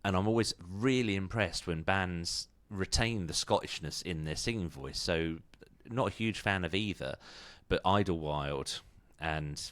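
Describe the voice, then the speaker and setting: Deep-voiced man hosting a casual podcast. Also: unhurried, hardly any pauses, a bit bright, no room sound. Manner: chatty and self-deprecating, laughs easily. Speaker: podcast host. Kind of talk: casual chat.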